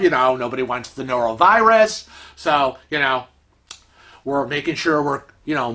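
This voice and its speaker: A man vlogger telling rambling, animated stories in a casual way, with many fillers. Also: high voice. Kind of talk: casual storytelling.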